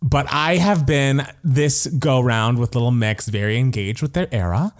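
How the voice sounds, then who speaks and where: A man co-hosting a podcast talks in a relaxed, chatty way at a mid-range pitch. He gushes with excitement, laughs often and fills his sentences with "like". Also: moderate pace. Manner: enthusiastic, laughs often, says "like" a lot. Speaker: podcast co-host. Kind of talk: casual chat.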